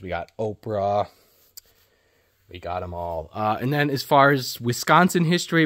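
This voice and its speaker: Man, low voice, dry close sound, bookstore owner giving a brisk walking tour, lists titles nonstop. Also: fairly bright tone, no room sound. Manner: rapid listing, hums filler tunes. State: out of breath.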